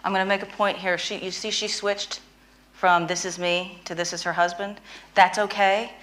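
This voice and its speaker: A woman's voice: medium pitch, flat delivery, normal speed, fairly bright tone, a little hiss or hum. A woman interviewing a guest and teaching a tapping technique, emphatic and prone to repeating phrases for stress. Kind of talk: instructional conversation.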